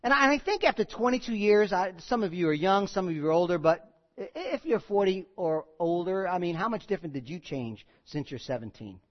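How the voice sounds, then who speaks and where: An animated pastor preaching an expository sermon, with a voice that swings widely in pitch. The delivery is conversational, and key lines get repeated for emphasis. The recording sounds dull and lo-fi. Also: a little fast. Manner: animated, asks the congregation questions. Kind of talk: sermon, expository Bible teaching.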